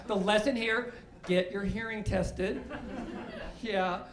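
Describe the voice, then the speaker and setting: A man's voice: high-pitched, steady tone, slow pace, fairly bright tone. A man from Seattle doing a stand-up comedy set before a live audience, telling dry, self-deprecating stories and often laughing. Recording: roomy club sound.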